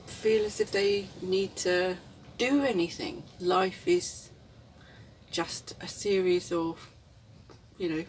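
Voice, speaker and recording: A woman's voice: fairly low pitch, fairly even intonation, takes it slowly, a little mellow, recorded from a distance, slight background noise. A woman, rambling reflectively and candidly in a casual vlog, often chuckling. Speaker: vlogger. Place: inside a camper van.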